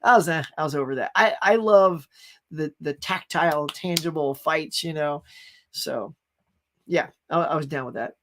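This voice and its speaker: A man's voice: on the high side, moderate pace, a bit bright. A man hosting a casual pop culture live stream, rambling enthusiastically about movies and greeting viewers in the chat.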